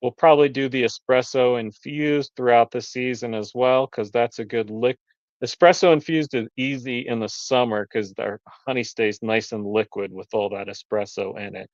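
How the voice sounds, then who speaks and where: A man's voice: mid-range voice, steady tone, moderate pace, dry recording. A man who keeps bees and sells honey, chatting casually on a live stream over a video call, explaining his products in detail. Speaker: beekeeper selling honey. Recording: dull lo-fi stream audio.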